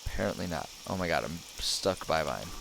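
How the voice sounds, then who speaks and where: A male gaming streamer giving animated, sarcastic commentary from home. His pitch swings widely as he jokes, and he laughs often. A faint hiss sits under the recording. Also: a little fast, vocal fry. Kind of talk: casual let's-play commentary.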